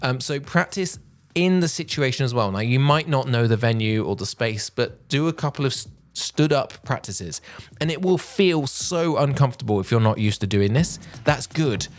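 A young man hosting a podcast on public speaking, talking in an expressive, emphatic way that deliberately varies his pitch and pace. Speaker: podcast host.

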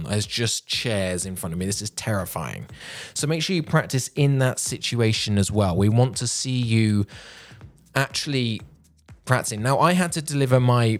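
A young man hosting a podcast on public speaking, talking in an expressive, emphatic way that deliberately varies his pitch and pace. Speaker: podcast host.

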